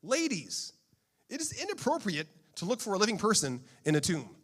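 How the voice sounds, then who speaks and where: A preacher voicing calm questioning angels. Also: male voice, sits high, moderate pace, full character voice. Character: calm male angels in dazzling robes.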